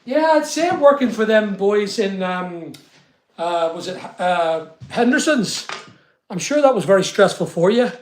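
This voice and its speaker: Man, high-pitched, chatty live streamer, greets viewers by name, echoey unfinished room. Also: animated, measured pace. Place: studio room being built.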